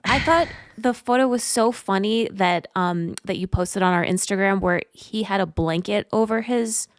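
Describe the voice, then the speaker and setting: A woman's voice: medium pitch, moderate pace, dry recording, clean studio sound. A woman co-hosting a podcast, chipping in short remarks during casual chat.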